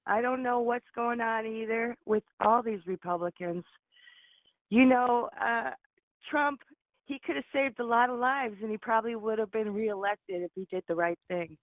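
A woman's voice: a little high, moderate pace, no room sound. A woman calling in to a radio show, chatting in a rambling, earnest way. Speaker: caller. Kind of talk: call-in radio chat. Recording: tinny phone line.

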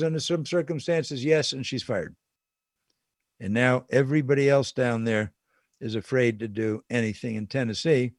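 A man, an older talk show host, delivering an opinionated monologue, indignant and animated, laughing as he rants. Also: mid-range voice, no room sound, clean studio sound.

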